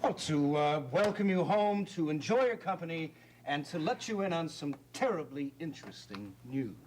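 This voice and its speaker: An actor playing a sly, taunting brother in a TV soap opera, speaking in a mocking, sugary, insinuating way. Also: male voice, on the low side, animated, unhurried, fairly bright tone, a little hiss or hum. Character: sly, taunting brother who delights in gossip.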